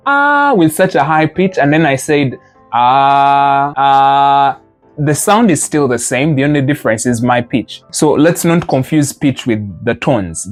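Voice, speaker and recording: A man's voice: mid-range voice, darkish tone. A man teaching a language class, patiently modeling sounds and drilling students with repetition. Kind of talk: classroom lesson.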